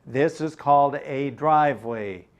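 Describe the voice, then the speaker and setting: An older man teaching English through a story, explaining words slowly and glossing them in Mandarin. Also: mid-range voice.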